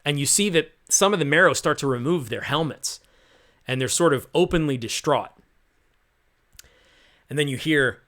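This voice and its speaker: A man's voice: medium pitch, animated, moderate pace, pauses often, a bit bright. A man running a tabletop game as game master, setting cinematic scenes in a casual, filler-laden way.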